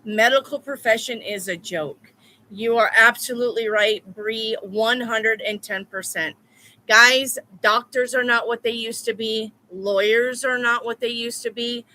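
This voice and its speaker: A woman's voice: a little high, fairly even intonation, measured pace, pushed and bright, slight background noise. A woman tarot reader talking live to her viewers in a blunt, repetitive, profane way. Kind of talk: live-stream chat with viewers.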